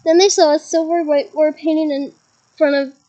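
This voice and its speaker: High-voiced woman reading a story aloud. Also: normal speed, muffled recording. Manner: lively reading with chuckles and side comments. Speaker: reader.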